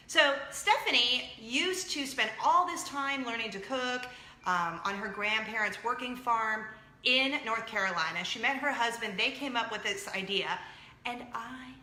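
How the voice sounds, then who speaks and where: An excitable woman in her thirties hosts a casual chat show, hopping from one point to the next. Her voice sits a little high and rings bright and forceful. The room around her is noticeably echoey. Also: a little hiss or hum. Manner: chatty, excitable, jumps around. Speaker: show host.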